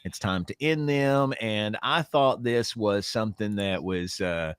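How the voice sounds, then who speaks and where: A man's voice: on the low side, measured pace, a bit bright, clean tone, dry recording, studio quality. A middle-aged man co-hosting a podcast, talking in a rambling, profane way with many stammered restarts. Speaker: podcast co-host. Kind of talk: casual political chat.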